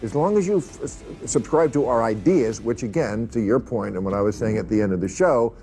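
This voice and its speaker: A man's voice: medium pitch, a little fast, warm tone, slightly rough, faint music behind. A man hosting a talk show, chatting casually with fillers and wry asides. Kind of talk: casual chat.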